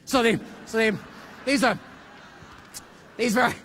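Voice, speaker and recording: A middle-aged man, a professor, giving a humorous keynote speech, an animated storyteller who jumps into loud voices for punchlines. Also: very high-pitched, slow pace, long reverb tail, a little hiss or hum.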